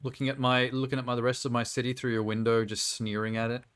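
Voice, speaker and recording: A man's voice: mid-range voice, little pitch movement, fast talker, a bit bright, clean tone. Joking male streamer. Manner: rambling, joking, laughs often. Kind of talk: casual live-stream chat while playing a game.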